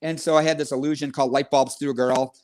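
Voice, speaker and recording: A man's voice: medium pitch, fast talker. A middle-aged man, a magician guest on a podcast, chatting easily and telling stories. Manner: relaxed, chatty, lots of agreeing. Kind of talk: casual chat.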